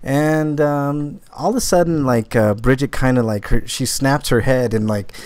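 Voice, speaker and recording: A man's voice: medium pitch, normal speed. A man hosting a casual podcast, reviewing movies and telling stories with lots of fillers and restarts. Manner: rambling, filler-heavy, animated when retelling stories. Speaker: podcast host.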